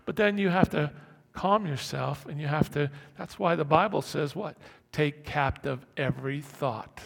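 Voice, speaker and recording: A man's voice: on the high side, unhurried, creaky, a bit bright. A man preaching a conversational sermon as a pastor, repeating and restarting his words and acting out panicked inner voices. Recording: long hall reverb.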